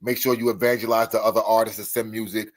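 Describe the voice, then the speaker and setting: A man hosting an internet radio show in casual chat, rambling with many restarts and fillers and breaking into loud, emphatic bursts. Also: lowish voice, flat delivery, fast.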